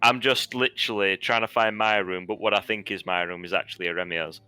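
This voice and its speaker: Chatty male player, bright crisp voice, laughs a lot. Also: fairly low pitch, steady tone, brisk, soft background music. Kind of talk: casual play at the table.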